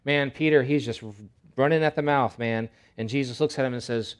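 A male pastor preaching a sermon in an animated, conversational way, with emphatic repetition. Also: medium pitch, a little fast, clean tone.

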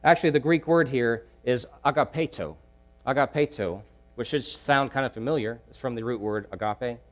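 A man preaching a sermon, emphatic, repeating key phrases and swinging between loud pushes and hushed asides. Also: medium pitch, moderate pace.

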